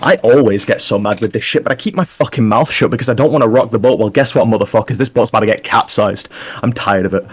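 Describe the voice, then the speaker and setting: A man tears into a wrestling promo, furious and profane, firing questions at the room and venting about being ignored. His voice sits a little low. He swears constantly and hammers each point home. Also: quick pace, breathy edge. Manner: furious, swearing, demanding answers.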